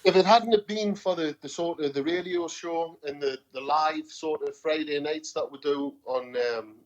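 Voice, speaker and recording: A man's voice: a little high, moderate pace. A man with a Geordie accent chatting as a podcast guest, telling stories animatedly and repeating words as he goes. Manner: animated storyteller, repeats words, says "you know what I mean". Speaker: podcast guest, singer-songwriter. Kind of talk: casual podcast chat.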